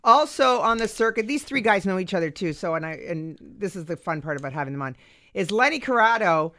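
A woman's voice: medium pitch, lively intonation, brisk, fairly bright tone. A middle-aged woman hosting a radio comedy talk show, playful and gushing as she introduces her guests. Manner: gushing and playful, laughs easily. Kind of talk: casual radio chat. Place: radio studio.

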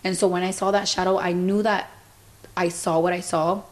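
A woman's voice: fairly low pitch, little pitch movement, moderate pace, darkish tone. Chatty young woman podcast host. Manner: chatty, fills speech with "like", retells events through quoted dialogue. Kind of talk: casual storytelling chat.

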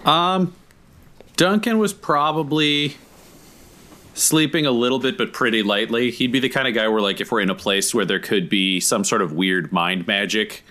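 A man in a tabletop game muses casually about how his character spent the night. His voice is bright and a little tense. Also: medium pitch, moderate pace. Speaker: player.

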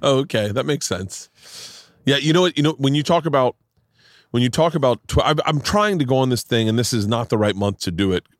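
A man's voice: medium pitch, animated, brisk, no room sound, studio quality. A man hosting a podcast outdoors, rambling and oversharing in casual chat, swearing freely. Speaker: podcast host.

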